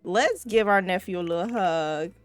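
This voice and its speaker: A woman's voice: fairly low pitch, normal speed, clear, resonant tone, no room sound. A woman giving casual, chatty gameplay commentary, swearing freely and talking straight to her viewers. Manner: chatty, profane, addresses viewers. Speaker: let's play host.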